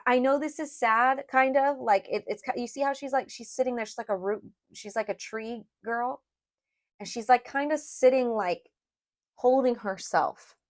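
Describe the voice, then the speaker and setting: A woman giving a casual tarot reading, chatty and emotional, addressing her viewers as "you guys" with lots of "like". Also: a little high. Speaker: tarot reader.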